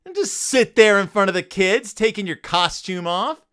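A man's voice: high-pitched, lively intonation, moderate pace, pushed and bright, smooth. A man hosting a comedic podcast, reviewing a children's book with sarcasm and goofy character voices. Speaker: podcast host.

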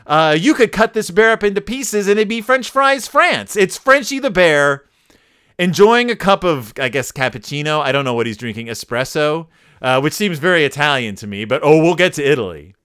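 Animated sarcastic man riffing on a book. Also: fairly high pitch, normal speed, smooth. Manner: sarcastic, animated, mock accents and yodeling. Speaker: podcast host. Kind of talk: comedic book review monologue.

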